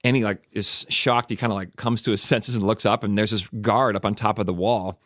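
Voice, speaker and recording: Low-voiced man hosting a church podcast. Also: fairly even intonation, brisk, a bit bright, no room sound, clean studio sound. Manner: storytelling with fillers like "like" and "you know". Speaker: podcast host. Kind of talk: casual reflective talk.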